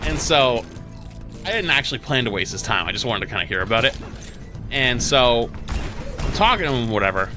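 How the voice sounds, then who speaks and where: A man's voice: medium pitch, fairly quick, pauses often, music in the background. A man streaming, casually telling a profane, exasperated story about his day. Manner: animated, profane, exasperated retelling.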